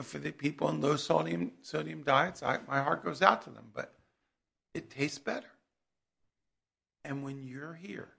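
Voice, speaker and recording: A man preaching a sermon with a slightly high, gravelly voice. His tone is husky rather than clean. He talks conversationally to the congregation, then swells into loud emphatic peaks.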